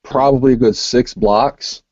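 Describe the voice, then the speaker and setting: A man's voice: mid-range voice, fairly even intonation, measured pace, a little mellow, no echo. A man rambling through a long, crude story in casual chat, swearing constantly. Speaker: podcast co-host. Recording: muffled lo-fi recording.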